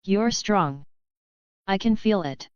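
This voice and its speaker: A woman's voice: mid-range voice, expressive, takes it slowly, smooth, no room sound, muffled recording. A woman reading the part of a grinning, bloodthirsty male swordsman with a taunting manner. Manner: taunting, eager.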